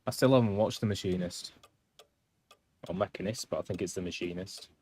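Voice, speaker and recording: Low-voiced, rambling streamer man. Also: brisk, a little mellow, slightly rough. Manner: rambling, chatty, self-deprecating. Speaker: live streamer. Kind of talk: casual gameplay commentary.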